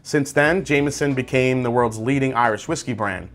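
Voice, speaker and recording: Hosting his channel's whiskey tasting review, a man describes the tasting notes aloud in a relaxed, conversational manner. He speaks in a mid-range voice at a moderate pace.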